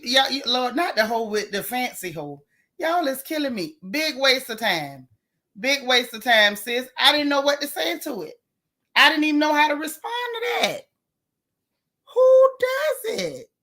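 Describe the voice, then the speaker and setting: A woman hosting a casual gossip livestream, sassy and animated, talking straight to her chat. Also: fairly high pitch. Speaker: livestream host.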